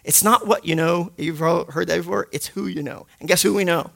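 A man leading a Bible study, his voice high and gravelly with a bright edge. He teaches in an animated, jokey way, firing off sudden punchy sound effects to land his points. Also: brisk. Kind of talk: lively teaching talk to a group.

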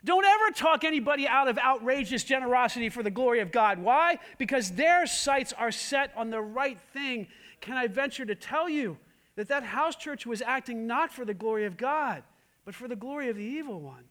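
High-voiced male pastor, emphatic sermon delivery, full of rhetorical questions. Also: animated, moderate pace. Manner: emphatic, swings between loud and hushed, many rhetorical questions.

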